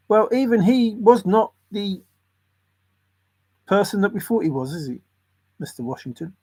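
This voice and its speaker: A man's voice: high-pitched, big pitch swings, moderate pace, long pauses, a little mellow. A man in a casual, rambling monologue, musing in a conspiratorial tone and often chuckling. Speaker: channel host.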